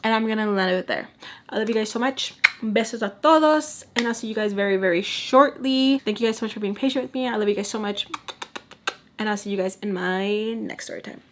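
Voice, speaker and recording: A woman's voice: mid-range voice, fast, a little hiss or hum. A young woman vlogger telling a personal story in a casual, chatty way, acting out the quoted dialogue and sometimes dropping into a whisper. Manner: animated, acts out quoted dialogue, drops into whispers.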